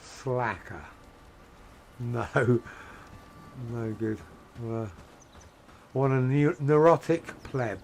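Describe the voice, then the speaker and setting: English male streamer, chatty storyteller, mid pitch, faint noise behind. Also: drawn-out words, long pauses, darkish tone. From England. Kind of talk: casual gaming chat.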